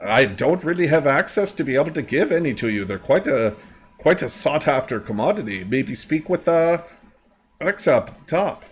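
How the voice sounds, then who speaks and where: A man's voice: on the high side, very animated, normal speed, slight background noise, voice pushed up. A man voicing a sly, boastful old female crafter who sweetly calls people dearie. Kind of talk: tabletop role-play voice.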